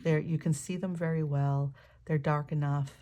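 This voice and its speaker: A woman with a croaky morning voice, chatting casually and enthusiastically as she shows off a new planner. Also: low-pitched, steady tone, normal speed, warm tone. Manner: enthusiastic, thinking aloud with fillers. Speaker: planner vlogger. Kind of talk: casual show-and-tell narration.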